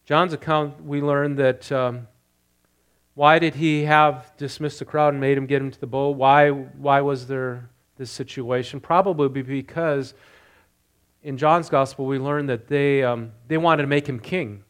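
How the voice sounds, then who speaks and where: A male pastor leading prayer and then preaching through a scripture passage, getting louder on the quoted lines and putting questions to his congregation. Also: medium pitch, a little slow, smooth. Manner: animated, rising loud on quoted lines, asks congregation questions. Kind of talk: sermon with scripture reading.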